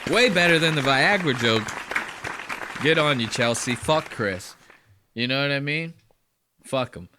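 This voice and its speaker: A man's voice: medium pitch, lively intonation, measured pace, crowd noise, background noise. A man hosting a podcast, reacting to clips with profane, incredulous rants. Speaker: podcast host.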